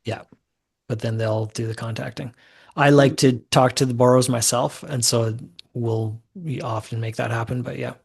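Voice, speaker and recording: This is an easygoing man talking through his investing methods on a podcast. He speaks at an ordinary middle pitch. His explanations wander and fill up with "uh" and "you know.". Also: fairly even intonation, moderate pace, vocal fry, breathy edge. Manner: easygoing, rambling explanations with fillers. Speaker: guest, mortgage note investor. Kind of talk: conversational podcast interview.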